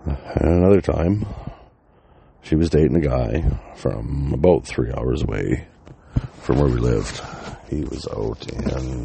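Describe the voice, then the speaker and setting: A man's voice: a bass voice, creaky, dark tone, a little hiss or hum. A man, casually telling a personal story, swearing often and laughing between lines.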